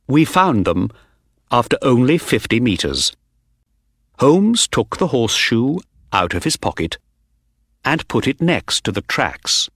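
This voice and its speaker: A man narrating a story for learners in a slow, clear storytelling manner. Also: mid-range voice, sing-song, fairly bright tone, no room sound, studio quality. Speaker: audiobook narrator.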